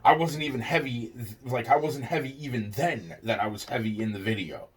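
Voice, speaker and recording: Husky-voiced guy rambling through a story, stumbles over words, cusses a lot. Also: medium pitch, brisk. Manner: stammering, profane, animated. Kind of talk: casual storytelling.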